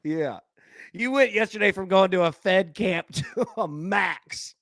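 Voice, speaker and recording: Joking sports-betting host with a dry close mic. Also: male voice, high-pitched, a little slow, fairly bright tone, no room sound. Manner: laughs often, loose and joking, quotes film lines. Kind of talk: casual live-stream chat.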